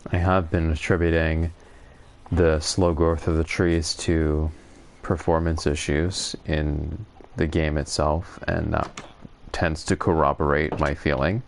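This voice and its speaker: A man's voice: extremely low pitch, level tone, slow, vocal fry, slight background noise. A man streaming a survival game, musing to himself and amused at his own remarks in casual commentary. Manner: musing, self-amused, thinks aloud. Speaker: gaming streamer.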